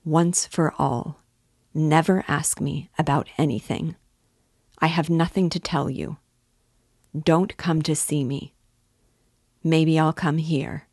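A woman voicing a brooding, feverish young man who speaks slowly and gravely. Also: low voice, fairly even intonation, a little mellow, no room sound, clean studio sound, exaggerated voice.

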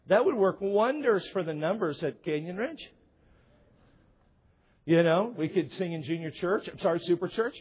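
A man's voice: sits high, lively intonation, normal speed, breathy edge. A male preacher delivering a sermon in a church, mixing sarcastic storytelling with earnest Bible teaching. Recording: muffled lo-fi sermon recording.

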